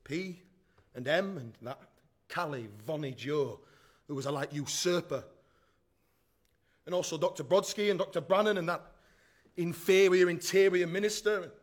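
High husky young thug narrator, as an actor does him, sneering slang, radio drama. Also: male voice, moderate pace, long pauses, close to an everyday voice. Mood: self-pitying. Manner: sneering slang-laced banter. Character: young male hooligan narrator, cocky, slang-talking, self-pitying.

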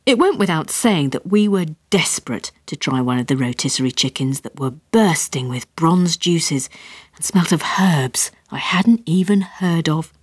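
Brief: woman narrator, lively expressive delivery, wry comic storytelling, dry close-miked sound. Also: deep voice, normal speed, breathy edge, no echo.

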